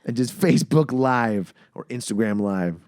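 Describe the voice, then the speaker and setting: A man with a Canadian accent co-hosting a podcast, talking in an animated, joking way with playful mimicry. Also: mid-range voice, normal speed, dry recording, studio quality. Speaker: podcast co-host. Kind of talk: casual chat.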